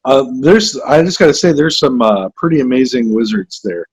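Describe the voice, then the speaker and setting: A man's voice: medium pitch, expressive, husky, no room sound. A man co-hosting a casual comedy podcast, riffing jokes and laughing along. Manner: jokey, laughing, quick riffs in put-on drawls. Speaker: podcast co-host.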